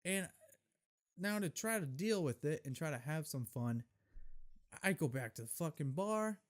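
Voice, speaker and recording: A young man hosts his own podcast, telling a concert story as a profane, exasperated rant. His voice swings widely in pitch as he gets worked up, and he swears freely throughout. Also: expressive, unhurried. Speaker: podcast host. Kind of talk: solo comedic storytelling rant.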